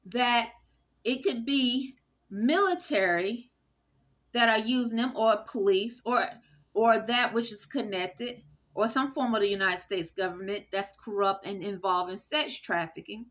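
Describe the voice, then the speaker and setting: Bright-voiced woman, rambling monologue. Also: fairly high pitch. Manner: rambling, halting, with frequent fillers and restarts. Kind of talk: casual spoken monologue.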